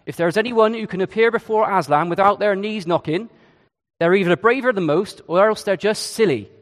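A man's voice: sits high, a little fast, big-room sound, voice pushed up, close to an everyday voice. A man voicing a homely, motherly female beaver in a folksy, put-on accent. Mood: emphatic. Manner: folksy, emphatic.

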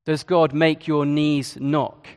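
Man, sermon, slightly high voice, chatty with asides, echoey church. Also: flat delivery, slow. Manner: conversational, with hesitations and asides. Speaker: Church of England preacher.

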